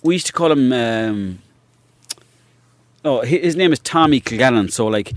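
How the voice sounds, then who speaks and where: A man's voice: mid-range voice, lively intonation, moderate pace, no echo, studio quality. An Irish man, a guest comedian, telling loose, rambling stories in casual chat, swearing freely and laughing as he goes. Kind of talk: casual anecdotal storytelling.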